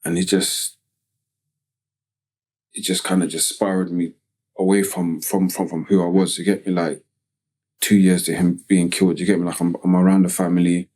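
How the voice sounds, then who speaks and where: A man from Tottenham with a North London accent, telling a personal story as a podcast guest in slangy, halting speech full of "you get me" tags. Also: low voice, little pitch movement, mellow. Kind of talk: casual storytelling interview.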